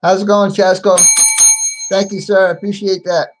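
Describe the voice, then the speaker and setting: A man's voice: sits high, flat delivery, moderate pace, poor audio. Chatty man greeting his viewers. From United States. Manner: chatty, laughs often, greets each viewer by name. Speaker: live stream host. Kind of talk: casual live chat greeting viewers.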